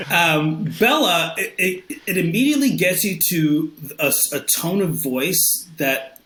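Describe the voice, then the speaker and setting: A man guesting on a podcast with a slightly high, bright voice. He tells stories with a lot of swing in his pitch and laughs easily. The room has a noticeable echo. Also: takes it slowly. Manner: animated storytelling, laughs often, acts out quotes. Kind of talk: casual chat. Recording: roomy echo.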